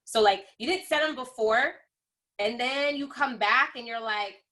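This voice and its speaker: A woman's voice: on the high side, unhurried, sharp tone. A woman hosting a virtual call, chatting casually and thinking aloud. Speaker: host. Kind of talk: casual chat. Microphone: video call.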